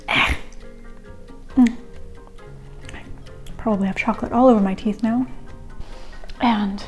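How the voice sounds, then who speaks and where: A woman's voice: fairly high pitch, darkish tone. A young woman chatting casually through a home cooking vlog, giggly and rambling with little asides. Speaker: home cook vlogger.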